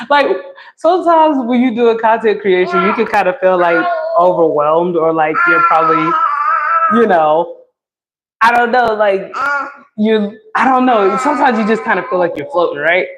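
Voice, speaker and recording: A woman's voice: mid-range voice, lively intonation, normal speed, background noise. A woman hosting a casual live stream from home, chatting with her viewers and her baby and laughing often. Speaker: livestream host.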